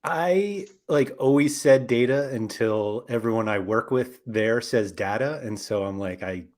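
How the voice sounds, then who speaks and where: A man's voice: mid-range voice, measured pace, darkish tone. Rambling man hosting a casual podcast. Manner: rambling, self-correcting, frequent fillers. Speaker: podcast host.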